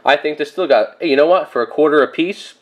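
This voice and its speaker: A man in his thirties talking casually and rambling through a comic book haul, with lots of fillers and animated asides. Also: a little high, fast. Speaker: comic collector vlogger.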